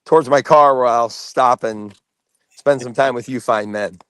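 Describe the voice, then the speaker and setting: A man, a high school football coach, talking plainly in an interview while he walks. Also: measured pace, fairly bright tone, clean tone, no echo. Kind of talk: phone-in interview.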